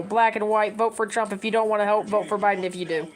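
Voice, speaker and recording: A woman's voice: mid-range voice, fairly even intonation, fast talker, poor audio. Chatty woman rambling to her camera. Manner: chatty, advice-giving, rambling with restarts. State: tearful. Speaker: vlogger. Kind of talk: casual rambling talk to camera.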